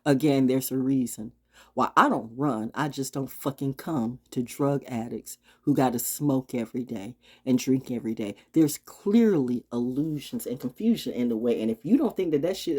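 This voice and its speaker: A woman speaking in an unscripted vlog monologue, blunt and profane, swinging from loud challenges to low, muttered asides. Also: normal speed, breathy edge. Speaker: astrology vlogger. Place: outdoors. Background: birds.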